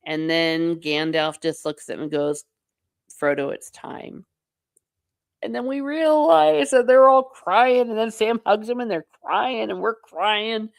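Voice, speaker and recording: A woman's voice: medium pitch, steady tone, measured pace, vocal fry. A middle-aged woman hosting a casual livestream, chatting wryly about films and reading viewer comments aloud with playful exasperation. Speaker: host reading live chat.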